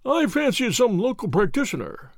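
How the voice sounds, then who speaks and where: A man voicing a bluff, hearty old army colonel who talks briskly and emphatically. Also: extremely high pitch, big pitch swings, vocal fry, no echo, studio quality, voice pushed up, full character voice.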